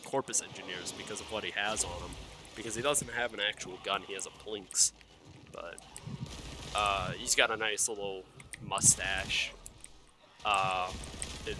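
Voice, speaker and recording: A young man rambling excitedly about a video game, swearing a lot and stumbling over fillers and self-corrections. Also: lowish voice, noisy background. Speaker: gaming video creator. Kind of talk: excited, rambling gaming commentary.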